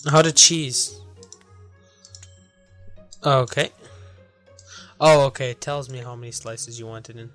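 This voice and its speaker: A man with a bright, forceful voice and an unhurried pace hosts a casual let's-play, chatting and breaking off mid-sentence to read game dialogue aloud. Faint music plays behind him. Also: mid-range voice. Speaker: gaming channel host. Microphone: desk mic, no webcam.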